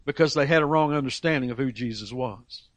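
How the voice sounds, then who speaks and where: A man's voice: mid-range voice, a little fast, no echo. A man preaching a sermon, emphatic, reading scripture aloud and briefly acting out the voices of people in the story. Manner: emphatic, voices characters in Bible stories.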